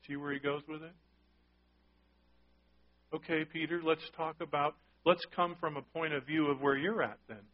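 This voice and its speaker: Male pastor, higher voice, conversational sermon, dull lo-fi recording. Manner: conversational, asks the congregation questions.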